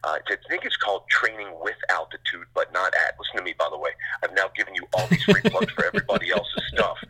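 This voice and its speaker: A middle-aged man, a sports radio host, chatting casually in an interview, rambling through animated stories with quick asides. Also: deep voice, poor audio.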